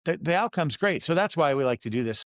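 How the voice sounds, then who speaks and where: Upbeat higher-voiced male host. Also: lively intonation, fast talker, fairly bright tone, no echo, studio quality. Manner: upbeat, prompting questions, casual fillers. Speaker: chiropractor host. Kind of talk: interview chat.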